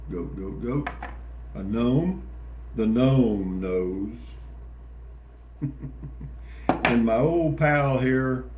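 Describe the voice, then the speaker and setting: A man with a mid-range, darkish voice hosts a casual morning vlog, chatting to camera in a folksy, rambling, jokey manner. The room is echoey, with faint ambient noise.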